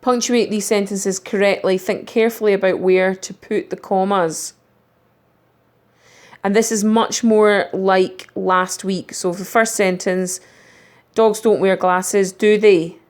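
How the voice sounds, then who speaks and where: A woman teacher giving a recorded lesson, talking through punctuation slowly and reading example sentences aloud. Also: medium pitch, fairly even intonation.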